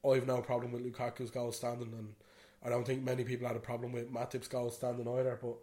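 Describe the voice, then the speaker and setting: A man's voice: medium pitch, monotone, fast talker, warm tone. An Irish man co-hosting a podcast, rambling through a story in casual chat and swearing freely. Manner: rambling, swears freely, "you know what I mean". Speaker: podcast co-host.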